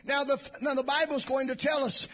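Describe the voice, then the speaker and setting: A man preaching a fiery sermon, shouting in rhythmic bursts and punctuating lines with amen. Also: extremely high pitch, level tone, a little fast. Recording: dull lo-fi church recording.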